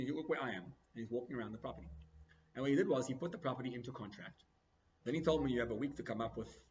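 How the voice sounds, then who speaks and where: A man's voice: highs cut off, a little hiss or hum. A man who is a rabbi, telling a story in a sermon and acting out the dialogue with big swings in his voice. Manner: animated, acts out dialogue with big pitch swings.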